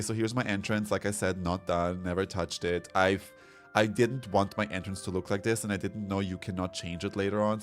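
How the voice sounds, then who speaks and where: A man streaming a game, chatting casually and rambling as he reads chat comments aloud. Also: deep voice. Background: soft background music.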